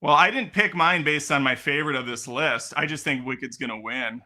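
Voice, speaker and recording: A man with a very bright, forward tone hosts a casual movie chat. He talks in chatty asides and acts out little quotes, his voice sitting a touch high. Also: a little fast. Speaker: podcast host.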